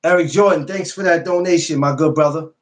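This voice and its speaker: A man's voice: fairly high pitch, brisk. A man hosting a casual podcast livestream, talking bluntly and profanely and repeating himself a lot. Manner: repetitive, blunt, profane, animated. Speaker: podcast host.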